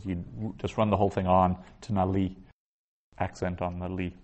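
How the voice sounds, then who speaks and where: A man with a fairly low voice gives a patient classroom lecture. He explains step by step and sounds out each Hebrew word slowly and carefully. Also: a little mellow. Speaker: Biblical Hebrew teacher.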